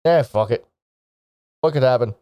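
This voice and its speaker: Man voicing a gruff, short-spoken dwarf guy for a tabletop game, close and dry. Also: mid-range voice, moderate pace, no room sound, lo-fi sound, natural voice. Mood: blunt. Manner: blunt, casual swearing. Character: short stocky male dwarf, blunt and gruff.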